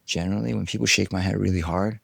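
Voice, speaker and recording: A man being interviewed, telling stories from his life in a casual, animated way, acting out what people said and swearing now and then. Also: sits low, fast, no echo, studio quality. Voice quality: gravelly. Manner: animated storyteller, acts out quotes, swears. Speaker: interview guest. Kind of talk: casual storytelling.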